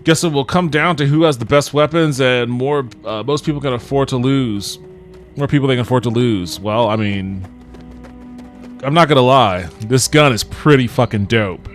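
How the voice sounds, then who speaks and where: A man's voice: medium pitch, moderate pace, soft background music. A man hosting a podcast, giving casual, joking, profane commentary while playing a video game. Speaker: podcast host and gamer.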